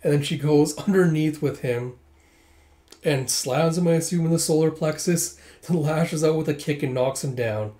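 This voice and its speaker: A man's voice: fairly high pitch, warm tone. A man casually reading through a manga, narrating the panels play by play. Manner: quick play-by-play retelling. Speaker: manga reviewer.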